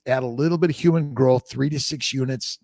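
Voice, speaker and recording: Blunt male fertility doctor with a gravelly voice, reading viewer questions aloud and answering them off the cuff, dry close sound. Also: medium pitch, fairly quick, a little mellow, no room sound. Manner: blunt and profane, jumping between topics. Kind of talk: casual livestream Q&A.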